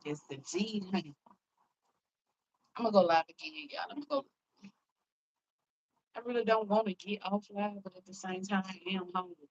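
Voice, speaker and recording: A woman's voice: mid-range voice, steady tone, normal speed, dull audio. A young adult woman hosting a phone live stream, chatting heartfelt and casual with her viewers and calling them y'all. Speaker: livestream host.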